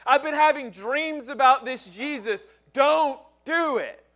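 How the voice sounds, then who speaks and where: A preacher voicing a governor's pleading wife. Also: male voice, extremely high pitch, takes it slowly, bright, forceful tone, pitched above the performer's own voice, exaggerated voice. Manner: urgent, repeated pleading.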